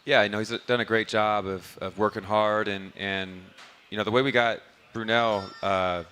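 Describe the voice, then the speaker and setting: Man, basketball coach, casual rambling interview answers, crisp bright tone. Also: lowish voice, steady tone, normal speed, slight background noise. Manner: easygoing, rambling storyteller. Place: restaurant bar, live show.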